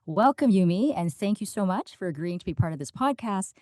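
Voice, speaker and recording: A woman co-hosting a medical podcast, playful and quick to laugh as she chats with her co-host. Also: mid-range voice, lively intonation, mellow, no echo. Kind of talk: scripted podcast intro and banter.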